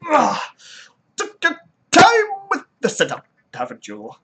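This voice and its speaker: A man voicing a showy, godlike male stranger who makes loud announcements. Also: very high-pitched, huge pitch swings, slow, noisy background, voice pushed up, heavily acted. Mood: mocking.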